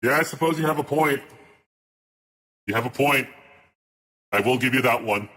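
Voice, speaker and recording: A man's voice: medium pitch, normal speed, sharp tone. A man chatting casually on a live stream, ranting in exasperation and swearing as he reads his chat aloud.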